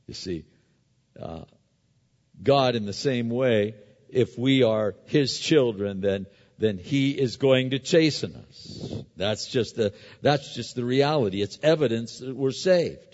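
A man's voice: medium pitch, slow, darkish tone. Man preaching in a reverberant hall. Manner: conversational preaching with stories and restarts. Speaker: pastor. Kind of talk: sermon. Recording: dull recording with long hall reverb.

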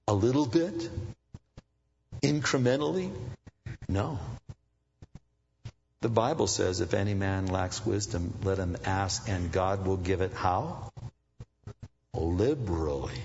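Pastor, male, gravelly voice, animated sermon delivery, dull recording with long church reverb. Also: a little slow, long pauses, slight background noise. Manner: animated preaching, swinging from low murmurs to loud high bursts.

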